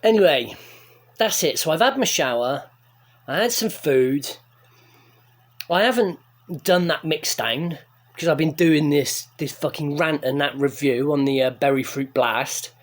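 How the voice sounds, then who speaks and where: A man, telling a sweary, excitable rant to camera as a vlogger. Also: fairly high pitch, unhurried. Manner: sweary, excitable, animated storytelling. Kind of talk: ranting story to camera.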